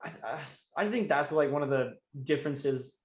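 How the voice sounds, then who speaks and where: Rambling young man, slightly high voice. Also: expressive, normal speed, roomy sound. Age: young adult. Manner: rambling, lots of fillers and restarts. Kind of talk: casual chat.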